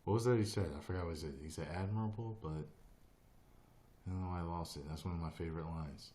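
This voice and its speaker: A man's voice: low voice, a little fast, dark tone, slight background noise. A man hosting a casual live stream, jokey and slangy, teasing his viewers.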